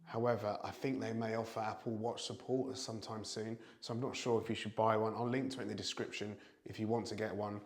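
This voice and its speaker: A man's voice: lowish voice, little pitch movement, brisk, few pauses. Chatty British man in a roomy room. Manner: chatty, self-deprecating, thinking aloud. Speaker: product reviewer. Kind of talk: casual review vlog.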